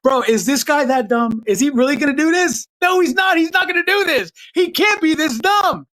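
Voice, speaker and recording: A man's voice: very high-pitched, animated, moderate pace, fairly bright tone, voice pushed up. A man voicing gleeful officials who shriek in mocking disbelief. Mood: incredulous.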